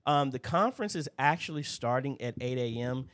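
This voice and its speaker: A man hosting a casual livestream Q&A, greeting viewers by name in a relaxed, chatty way. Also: mid-range voice, a little fast. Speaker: livestream host.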